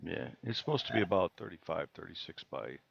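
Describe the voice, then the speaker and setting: A man's voice: deep voice, sing-song, fairly quick, gravelly, a bit bright, no room sound, lo-fi sound. A man, an amateur astronomer, talking terse and matter-of-fact on a voice call. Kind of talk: casual chat over voice call.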